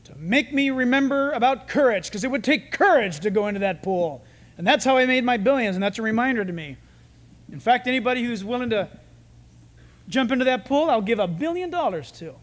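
A man's voice: very high-pitched, expressive, a little fast. A male pastor voicing a proud, boastful billionaire in a sermon anecdote. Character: proud boastful rich old man.

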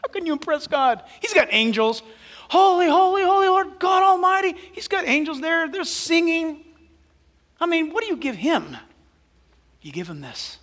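A male pastor preaching a sermon, animated, dropping to hushed asides and rising to loud exclamations. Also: very high-pitched, normal speed, big-room sound.

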